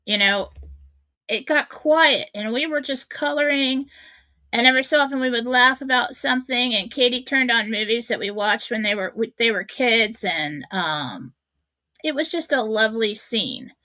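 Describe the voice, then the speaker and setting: Bright, candid woman storyteller. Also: a little high, expressive, moderate pace, no echo. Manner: candid, self-mocking, acts out her own thoughts. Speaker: radio show host. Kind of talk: personal storytelling monologue.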